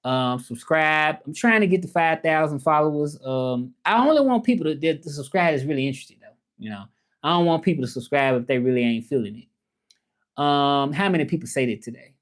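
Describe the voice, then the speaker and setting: A man's voice: a little high, animated, fairly quick. A man with a Southern US accent chatting casually on a livestream, reading viewer comments and talking straight to the audience. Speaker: livestreamer and language teacher.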